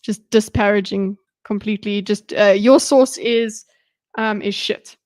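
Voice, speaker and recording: A woman's voice: medium pitch, steady tone, measured pace, darkish tone, no echo. A woman streaming live commentary on a debate video, chatty and giggly, talking back to the clip.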